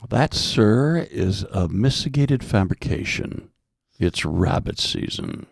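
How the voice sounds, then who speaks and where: A man's voice: lowish voice, expressive, creaky, full character voice. A man doing a pompous cartoon duck. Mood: indignant. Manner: pompous, indignant, deliberate. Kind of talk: comic read-through of a cartoon scene.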